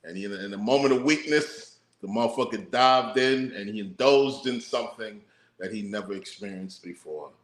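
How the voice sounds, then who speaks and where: A laid-back man muses through his points with casual swearing. His voice runs fairly low. The room around him sounds roomy and echoey. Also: normal speed. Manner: laid-back, profane, musing. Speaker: podcast co-host. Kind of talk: casual podcast chat.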